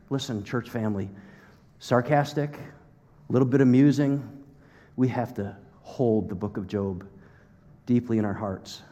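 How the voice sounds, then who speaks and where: A man preaching a sermon as pastor, playful and animated, then turning soft and earnest. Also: medium pitch, measured pace, long pauses, long reverb tail, highs cut off. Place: church hall.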